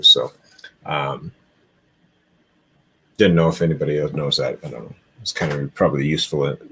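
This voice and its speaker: A man's voice: low-pitched, husky. A man hosting a paranormal livestream, chatting casually, thanking viewers by name and rambling with lots of fillers. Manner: rambling, easygoing, heavy on fillers. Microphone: computer microphone on a live stream.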